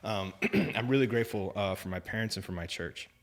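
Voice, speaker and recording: A young man telling a story on a podcast in casual chat, animated, acting out other people's lines. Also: on the low side, fairly quick. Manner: animated storyteller, acts out quoted voices, lots of "like" and "man". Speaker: podcast guest.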